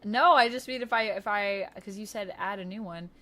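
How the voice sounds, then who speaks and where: A woman's voice: mid-range voice, moderate pace, pushed and bright. A woman streamer chatting casually during a live stream, thinking aloud while she fixes her setup. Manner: chatty, laughs often, thinks aloud while fixing tech.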